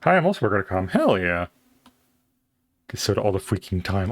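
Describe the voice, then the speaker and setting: A man's voice: sits low, very animated, a little fast. A man livestreaming from home, chatting casually and playfully with his viewers and greeting them as they come in.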